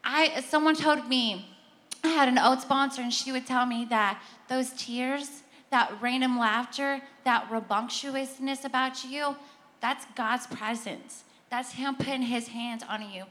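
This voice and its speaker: A woman's voice: sits high, steady tone, a little slow, fairly bright tone. A woman giving an emotional testimony on a church stage, earnest and tearful, often apologizing. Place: church stage before a congregation.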